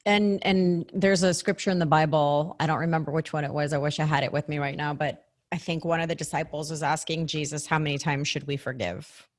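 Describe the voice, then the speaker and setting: Woman, church podcast host, low-ish voice, earnest and encouraging. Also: steady tone, brisk, few pauses. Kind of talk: faith podcast conversation.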